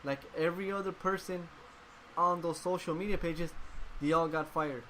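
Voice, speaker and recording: A man with a slightly higher-than-usual voice rants hotly on a casual podcast, swearing freely as he vents. Faint noise sits under the recording. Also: steady tone, normal speed, a bit bright, poor audio. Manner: profane, heated and ranting. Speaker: podcast host. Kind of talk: casual chat.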